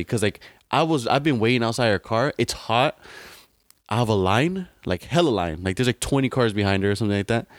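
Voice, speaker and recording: A man's voice: fairly low pitch, no echo. Rambling young man, dry close sound. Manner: rambling storytelling, filler-heavy, slangy. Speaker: podcast co-host. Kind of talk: casual chat.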